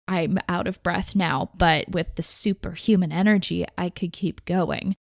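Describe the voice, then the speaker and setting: A young woman hosting a podcast, talking candidly and casually, often in quick bursts peppered with "like". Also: medium pitch, soft background music. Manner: chatty, candid, fast bursts with frequent "like". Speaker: podcast host. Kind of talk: casual personal talk on mental health.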